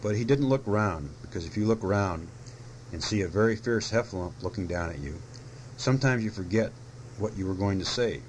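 A man gently reading a children's storybook aloud in a soft, unhurried way. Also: lowish voice, animated, a little hiss or hum, poor audio. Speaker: narrator.

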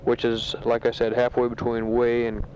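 A man who is a soldier, recording a casual spoken letter home from a sandbag bunker, talking matter-of-factly with a halting delivery full of fillers, on a dull home tape recording. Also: mid-range voice, completely flat delivery, darkish tone, slight background noise. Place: sandbag bunker in a war zone.

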